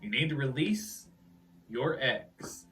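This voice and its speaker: A man's voice: medium pitch, expressive, slow, pushed and bright. A man with a Midwestern accent co-hosting a tarot reading, loose and joking, laughing often and swearing casually. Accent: Midwestern American. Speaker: tarot reader, co-host. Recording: distant mic with music underneath.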